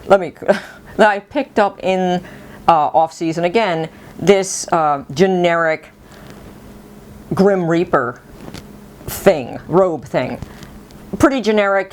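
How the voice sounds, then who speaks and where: A middle-aged woman telling a personal story in a casual, animated way, laughing often. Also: on the low side.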